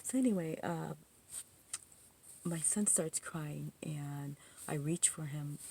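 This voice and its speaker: Brief: woman storyteller, low gravelly voice, rambling and indignant, lots of asides. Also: takes it slowly, a little hiss or hum. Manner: rambling, full of "you know" asides and restarts; indignant, animated retelling. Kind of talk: casual personal storytelling.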